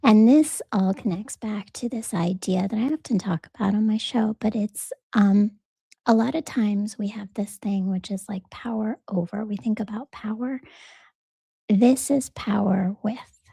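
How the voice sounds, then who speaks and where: Gravelly, warm-voiced woman hosting a podcast. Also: medium pitch, measured pace, no room sound. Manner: earnest, conversational, storytelling with quoted voices. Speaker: podcast host. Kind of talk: personal reflective monologue.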